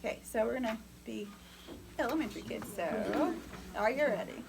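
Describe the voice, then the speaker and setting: A woman's voice: a little high, normal speed, creaky, noisy background. A woman teaching future teachers in a classroom, upbeat and coaching, often calling on students. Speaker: teacher educator. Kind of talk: classroom lecture.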